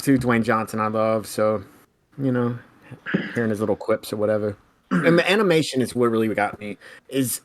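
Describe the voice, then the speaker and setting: A man co-hosting a casual podcast, rambling with many restarts and frequent laughs. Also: mid-range voice. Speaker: podcast co-host. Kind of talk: casual chat.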